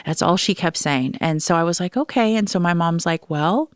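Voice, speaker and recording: A woman's voice: fairly low pitch, normal speed, smooth, no room sound, clean studio sound. A middle-aged woman hosting a solo podcast, talking candidly in a rambling way with frequent restarts. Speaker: podcast host. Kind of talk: casual solo podcast talk.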